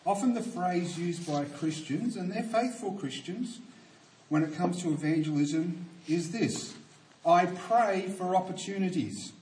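A man's voice: high voice, unhurried, a little mellow. An older man preaching a sermon, praying and telling a story in an earnest, emphatic way. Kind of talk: sermon with opening prayer. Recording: roomy echo from a distant mic.

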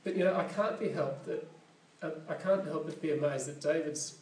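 Man, sermon, fairly high voice, mellow tone, reads scripture then chats about it, echoey hall, off-mic. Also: moderate pace, distant mic, slight background noise. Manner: conversational, corrects himself mid-sentence. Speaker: preacher. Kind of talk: sermon with Bible reading and commentary.

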